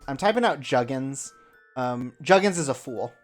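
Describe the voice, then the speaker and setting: A woman with a very low voice chats on a game stream, summarizing the story with wry quoted asides. Her pitch swings widely as she talks. Faint game music plays behind. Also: animated, normal speed. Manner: summarizes the plot with joking quotes. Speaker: stream co-host. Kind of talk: casual game-stream chat.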